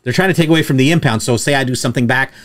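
A man's voice: medium pitch, very fast, fairly bright tone. A man hosting a casual podcast about towing, telling stories and acting out what others said in raised voices. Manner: storytelling, jokey, acts out quotes in raised voices. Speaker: podcast host, tow truck operator. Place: studio with producer present.

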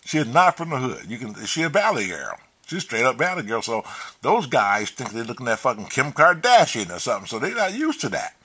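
Husky, animated man. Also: mid-range voice, a little fast. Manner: animated, swears freely, acts out quotes. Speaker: vlogger. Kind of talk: profane casual storytelling.

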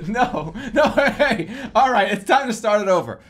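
A man streaming a game, excitable and profane, often laughing and yelping into a desk microphone. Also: extremely high pitch, a little hiss or hum. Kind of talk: gaming livestream commentary.

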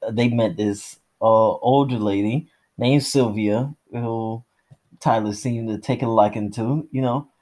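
A man co-hosting a casual movie review podcast, blunt and slangy, recording at home in the dark during a power cut. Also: fairly low pitch. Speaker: podcast co-host.

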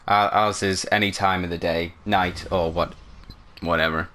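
Guy, bright tone, casual gaming chatter, flustered and apologetic, let's play host. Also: deep voice, fairly even intonation, normal speed, a little hiss or hum. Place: at home with a barking dog.

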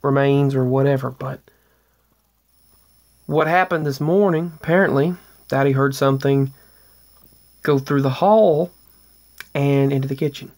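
This vlogger, a man with a mid-range, darkish voice, speaks a little slowly and leaves long pauses. He earnestly tells a rambling, casual story about paranormal happenings at home, often restarting sentences and trailing off into asides.

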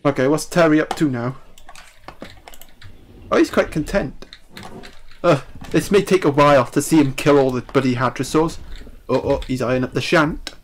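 A young man, excitedly commenting on a dinosaur game while he plays, laughing often and talking to the screen. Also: on the high side, moderate pace, pauses often, slight background noise. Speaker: gaming YouTuber. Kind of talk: live gameplay commentary.

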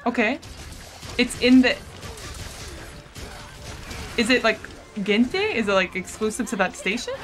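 A woman's voice: on the high side, lively intonation, a little slow, long pauses, faint music behind. A young woman streaming a game, chatting casually and giggling with her viewers, swearing now and then. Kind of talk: casual live-stream chat while gaming.

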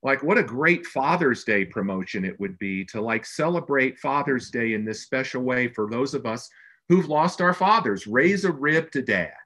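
A man's voice: mid-range voice, lively intonation, normal speed, sharp tone. A man presenting a business webinar as a brand consultant, speaking in an earnest, conversational way with emphatic stresses.

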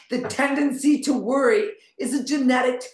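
An older woman hosting a live video call forum on anxiety, animated and teasing, swearing casually as she coaches a caller. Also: sits high, reverberant.

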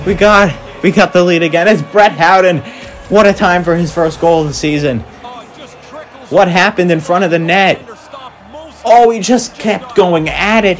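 Excitable young man calling a hockey game. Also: a little high. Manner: excitable, mock sportscaster calls, yelps and groans. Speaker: gaming YouTuber. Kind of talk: live play-by-play gaming commentary.

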